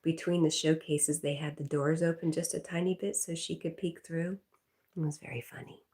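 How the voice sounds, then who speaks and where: A woman hosting a casual livestream, reading viewer comments aloud, talking to her dog and often dropping to a soft whisper. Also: deep voice, flat delivery, moderate pace. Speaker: livestream host.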